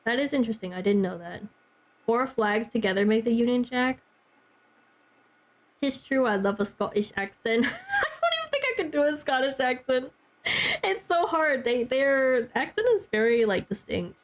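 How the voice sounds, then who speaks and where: A young woman streams a game and chats casually with her viewers, saying "like" constantly and laughing often. Her voice sits high, swings widely in pitch, and moves at a normal speed.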